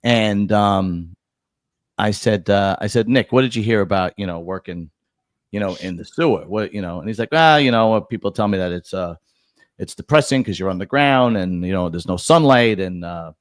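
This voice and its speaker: A man's voice: low voice, normal speed, dry recording, studio quality. A middle-aged man hosting a podcast, telling profane workplace stories in casual chat, restarting his sentences often. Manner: profane storyteller with many restarts. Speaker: podcast host.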